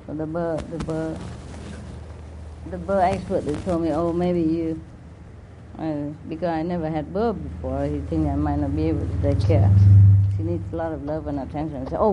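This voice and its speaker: A woman leading a spiritual center gathering who talks casually with a live audience. She teases people playfully, coos fondly at her pets, and speaks English with loose non-native grammar. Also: low voice. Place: indoor room with an audience. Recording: noisy live room recording.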